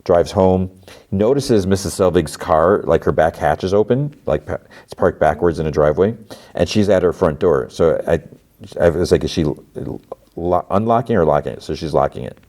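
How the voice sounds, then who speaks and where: A man's voice: deep voice, normal speed, a little mellow. A man hosting a podcast, casually retelling TV episodes in a rambling way, full of fillers. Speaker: podcast host.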